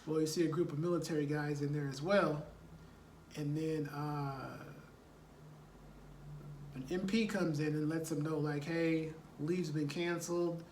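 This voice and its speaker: A man's voice: a little high, steady tone, unhurried, pauses often, a little mellow, a little hiss or hum. A man casually retelling a movie plot, rambling and filling gaps with "like" and "you know.". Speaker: storyteller. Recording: roomy echo, distant mic, faint ambience.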